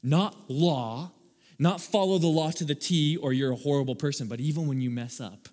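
A man preaching a sermon as pastor, animated, acting out little scenes and laughing at his own jokes. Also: fairly high pitch, moderate pace. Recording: long hall reverb.

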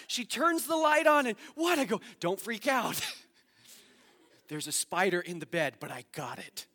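A man preaches in a high, bright voice, and he tells stories with energy and acts out quotes along the way. His words ring with a long reverb, as in a church sanctuary. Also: normal speed. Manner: animated, acts out quotes in his story, laughs at himself. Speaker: pastor. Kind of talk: sermon with storytelling.

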